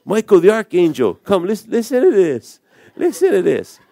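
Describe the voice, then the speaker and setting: Pastor guy doing a playful show-off god, higher and louder, teasing. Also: huge pitch swings, slow pace, gravelly, dry recording, studio quality, heavily acted. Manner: teasing, showy.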